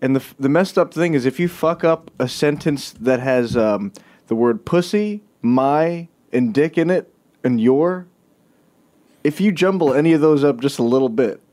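A man's voice: fairly high pitch, lively intonation, normal speed, warm tone. A man chatting casually on a podcast, laughing often and swearing freely. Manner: laughs often, loose and profane. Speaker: impressionist guest.

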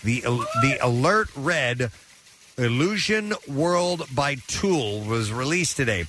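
A man's voice: medium pitch, a bit bright, slight background noise. A man presenting music news on a morning radio show, reading items with stumbles and banter with co-hosts.

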